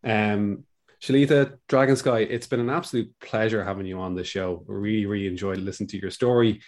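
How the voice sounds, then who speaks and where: Man host, lowish voice, casual and enthusiastic, stumbling restarts. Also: fairly even intonation, a little fast. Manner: warmly enthusiastic, repeats words while thinking. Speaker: podcast host. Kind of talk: casual interview chat.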